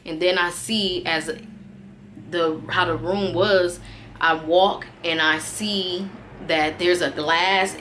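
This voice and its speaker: A young woman telling a profane, animated story in a casual vlog. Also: fairly low pitch, a little hiss or hum. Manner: animated, profane, acts out quotes loudly. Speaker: storytime vlogger.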